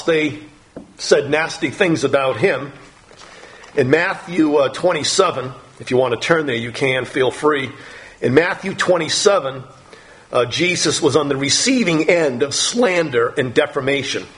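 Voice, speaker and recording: A man preaching a sermon, reading scripture aloud and explaining it verse by verse, with frequent fillers and restarts. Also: mid-range voice.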